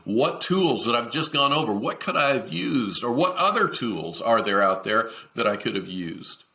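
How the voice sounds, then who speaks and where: A man's voice: mid-range voice, big pitch swings, normal speed, pushed and bright. A man hosting a leadership podcast, talking straight to the listener in an earnest, encouraging way, with plenty of ums and restarts. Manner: many fillers and restarts. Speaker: podcast host.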